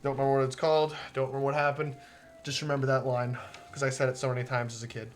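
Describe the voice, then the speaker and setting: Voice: medium pitch, level tone, rapid-fire, a little hiss or hum. A game streamer chatting casually over a live stream, sarcastic, rambling and full of swearing.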